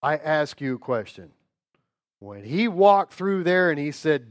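A man teaches an informal Bible lesson in a slightly high voice, speaking slowly. He's animated and joking, often checking in with rhetorical questions.

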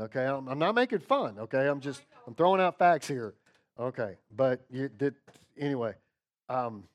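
A man preaching to his congregation in an offhand, talky way, stumbling and correcting himself as he goes. He drops his voice low and quiet for scripture, then builds to a rising, repeated chant. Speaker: pastor. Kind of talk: sermon.

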